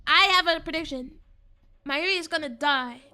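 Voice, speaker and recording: A woman's voice: sits high, normal speed. A woman streaming a game, chatting casually in a rambling, self-mocking way and laughing often.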